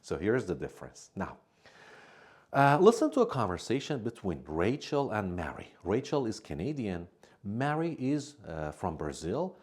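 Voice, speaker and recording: A man's voice: deep voice, darkish tone, husky. A man teaching an English lesson, patiently explaining each point by repeating and rephrasing it.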